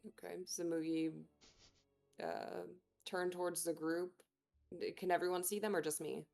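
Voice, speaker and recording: A woman's voice: on the low side, flat delivery, normal speed, creaky, darkish tone, soft background music. Hesitant woman playing a tabletop game. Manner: hesitant, many fillers. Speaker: player. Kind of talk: casual tabletop play.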